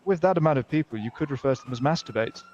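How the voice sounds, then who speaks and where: A man's voice: on the high side, animated, rapid-fire, a little mellow, highs cut off, slight background noise. A man with a British accent playing a news reporter in a role-play interview, teasing his guests dryly.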